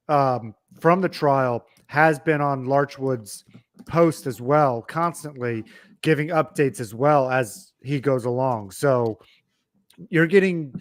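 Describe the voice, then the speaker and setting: A man's voice: mid-range voice, no echo, clean studio sound. A man co-hosting a casual podcast, talking emphatically and with indignation when he makes a point. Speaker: podcast co-host.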